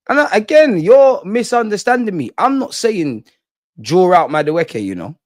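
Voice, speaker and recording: A man's voice: high-pitched, no echo, clean studio sound. A young man, ranting and swearing in exasperation as a football fan channel host. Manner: animated, profane, exasperated ranting.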